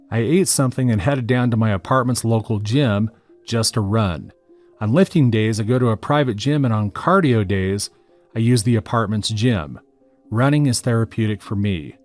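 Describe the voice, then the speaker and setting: A man reading out a first-person story as a narrator, in a steady, matter-of-fact way. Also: mid-range voice.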